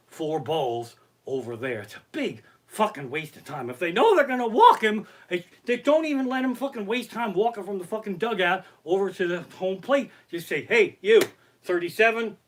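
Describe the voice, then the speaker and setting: A comedian rants in a bright, animated voice, swearing constantly and sounding exasperated. His pitch swings widely as he builds each complaint. He streams the show live from his living room. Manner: profane, ranting, exasperated. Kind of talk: live-streamed stand-up rant.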